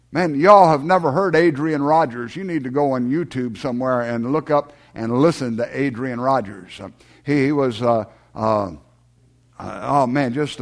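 A man, preaching a sermon with a hoarse, strained voice, halting with many fillers and folksy asides. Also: fairly high pitch. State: hoarse, low on voice. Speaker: pastor.

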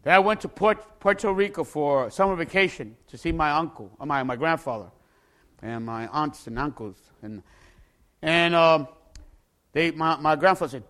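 A man telling a dramatic personal story, acting out the people in it and bursting into shouts at the tense moments. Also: a little high, normal speed. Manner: acts out the people in his story. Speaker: storyteller giving a personal testimony.

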